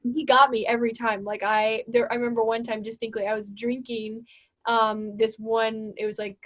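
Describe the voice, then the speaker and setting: A woman's voice: fairly high pitch, little pitch movement, normal speed, dry recording. A young woman co-hosting a podcast, telling stories in a chatty way and giggling often. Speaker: podcast co-host. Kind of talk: casual podcast chat. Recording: dull lo-fi dry sound.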